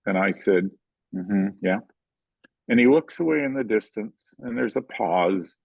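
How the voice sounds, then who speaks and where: An older man, a filmmaker, telling animated stories in an interview and acting out the quotes. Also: lowish voice, unhurried, vocal fry, dry recording, highs cut off. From Canada. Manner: animated anecdotal storytelling, acts out quotes. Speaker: guest filmmaker. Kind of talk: storytelling in a conversational interview.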